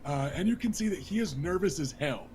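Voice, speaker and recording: A man's voice: fairly high pitch, expressive, a little fast, noisy background. A man narrating a tabletop game as game master in a casual, joking way. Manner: casual and joking, with laughs and fillers.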